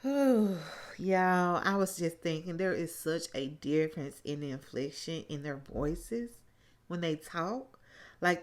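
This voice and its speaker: A woman hosting a casual reality-show recap, talking sassily straight to her viewers. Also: lowish voice. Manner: sassy, talks straight to viewers. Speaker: TV recap host.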